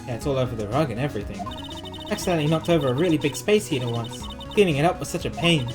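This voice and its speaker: A woman's voice: very deep voice, lively intonation, rapid-fire. A woman streamer reading a game aloud and adding wry asides. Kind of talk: game playthrough commentary. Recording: game music underneath.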